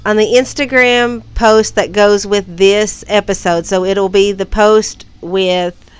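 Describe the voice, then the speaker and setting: A woman from Kentucky, co-hosting a casual podcast and chiming in with quick playful remarks. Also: medium pitch, fairly even intonation, clear, resonant tone. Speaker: podcast co-host. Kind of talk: casual chat.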